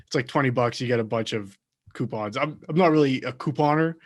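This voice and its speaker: Man, podcast host, easygoing, rambling anecdotes, casual chat, mid pitch. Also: fairly quick. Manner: rambling storyteller, easygoing, laughs along.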